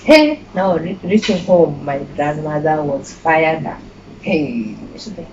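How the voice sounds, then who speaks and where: A young woman with a Kenyan accent tells a personal story as an interview guest, animated and quick to laugh. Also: deep voice. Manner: animated, laughing, mixing in Swahili phrases. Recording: muffled with clear background noise.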